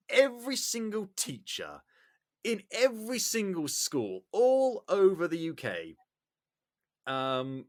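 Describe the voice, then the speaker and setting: An English man hosting a podcast, chatting casually with a lively, swooping voice. He tells stories with animation and acts out bits loudly. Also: a little high. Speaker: podcast host. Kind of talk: casual chat.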